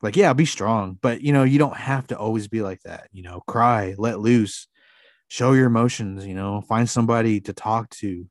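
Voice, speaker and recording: A man's voice: fairly low pitch, moderate pace, no echo, studio quality. A man co-hosting a podcast, talking earnestly and rambling with lots of fillers in casual chat. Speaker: podcast co-host.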